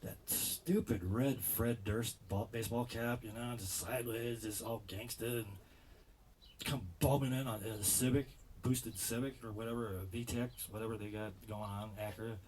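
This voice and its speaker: A man's voice: medium pitch, fairly even intonation, moderate pace, a little mellow, a little hiss or hum. A man doing stand-up, telling a rambling story full of restarts. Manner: rambling, self-correcting delivery. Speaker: stand-up comedian.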